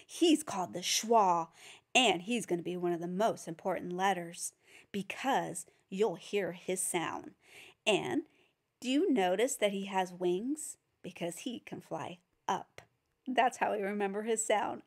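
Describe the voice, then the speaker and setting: A woman's voice: medium pitch, takes it slowly. A woman giving a phonics lesson for teachers and parents, patiently sounding out each letter. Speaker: reading teacher.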